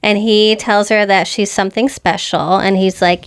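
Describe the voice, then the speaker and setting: A woman co-hosting a podcast, retelling a book's scenes in quick, giggly casual chat. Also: mid-range voice, steady tone, a bit bright, clear, resonant tone. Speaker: podcast co-host. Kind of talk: casual chat summarizing a book.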